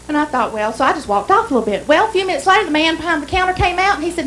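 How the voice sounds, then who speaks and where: A woman's voice: high voice, expressive, rapid-fire, hardly any pauses, fairly bright tone, a little hiss or hum, low-quality recording. A woman with an Alabama accent performing a stand-up comedy set on a club stage, telling folksy stories and acting out the dialogue. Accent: Southern US, Alabama. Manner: folksy storytelling, acts out dialogue.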